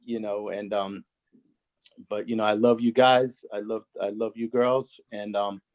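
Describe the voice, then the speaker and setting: Speaking unhurriedly in a lowish, flat, slightly mellow voice, a former coaching colleague spins loose, rambling stories over a video call. He uses plenty of fillers and restarts, and the recording is rough.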